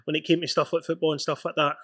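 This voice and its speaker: A man's voice: fairly high pitch, flat delivery, very fast, fairly bright tone, no echo, clean studio sound. A man in casual conversation, sharing a personal memory about football. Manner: responsive listener, frequent short agreements. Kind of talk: casual chat.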